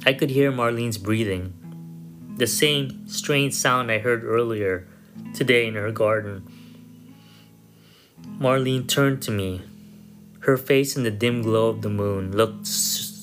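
A man narrating a first-person story in a measured, somber way. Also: on the low side. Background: soft guitar music.

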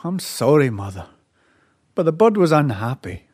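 A man voicing a quiet, honest boy. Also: on the high side, sing-song, normal speed, husky. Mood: meek. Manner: quiet, hesitant and apologetic. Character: gentle, honest boy, nearly a young man.

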